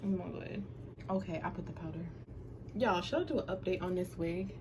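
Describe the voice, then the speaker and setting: A woman's voice: fairly low pitch, moderate pace. Young woman, casual home vlog, playful chatter, nervous giggles, noisy background. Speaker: vlogger. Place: small room at home under a ring light.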